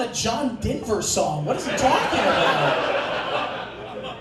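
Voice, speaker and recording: A man's voice: high-pitched, slow, pauses often. A young man doing a profane, sarcastic stand-up comedy set on a club stage. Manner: profane, sarcastic, deadpan asides. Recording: distant, echoey club recording with audience noise.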